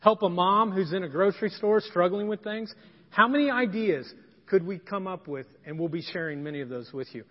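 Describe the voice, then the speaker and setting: A man preaches in a folksy, conversational way, pressing each point with emphasis. His voice sits high, and a long reverb hangs in the church hall. The recording is dull and lo-fi. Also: brisk. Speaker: pastor. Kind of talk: sermon with storytelling. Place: church sanctuary.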